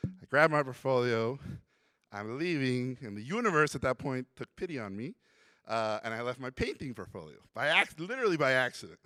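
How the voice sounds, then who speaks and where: A man from Mexico giving a conference talk, telling his story in an animated way and acting out the voices of others. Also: mid-range voice, brisk, dry recording, studio quality. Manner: animated storyteller who acts out quotes. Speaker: conference speaker. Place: conference hall.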